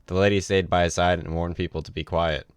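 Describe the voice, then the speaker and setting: A man reads a novel aloud for a livestream, in an easy, casual way with offhand asides. His voice sits very low. The sound is close and dry. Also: level tone, brisk, clean tone, no room sound. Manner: casual read with ad-libbed asides. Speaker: reader.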